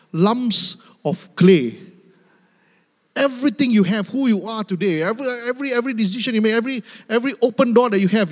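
Male preacher, high voice, emphatic and repetitive, addresses his church directly, long hall reverb. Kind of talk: sermon.

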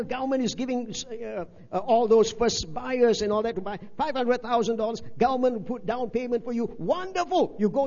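High-voiced pastor preaching in a hall. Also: male voice. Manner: emphatic preaching with repetitions and rhetorical questions. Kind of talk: sermon. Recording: dull sound with long hall reverb.

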